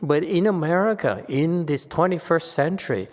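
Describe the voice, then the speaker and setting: A man giving a Buddhist lecture, pressing his listeners with pointed rhetorical questions and jumping up in pitch to stress a point. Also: expressive, measured pace, in a large hall. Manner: sudden rises in pitch and force when stressing a point. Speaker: Buddhist teacher. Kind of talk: Dharma lecture.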